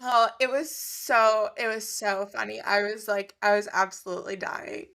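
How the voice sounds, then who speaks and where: A woman's voice: mid-range voice, steady tone, moderate pace, gravelly, sharp tone. A woman co-hosting a podcast, telling a story in casual chat and laughing often. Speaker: podcast co-host.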